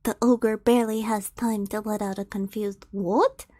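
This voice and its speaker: A woman's voice: medium pitch, level tone, moderate pace, warm tone, no room sound. A young woman streamer reading fan fiction aloud, with giggly, playful asides to the writer.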